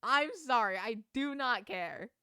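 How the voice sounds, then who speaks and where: A young woman streaming a game, ranting casually with swearing and quick laughs while chatting to viewers. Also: on the high side, pushed and bright, clear, resonant tone, dry recording, clean studio sound. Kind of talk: casual gaming stream chat.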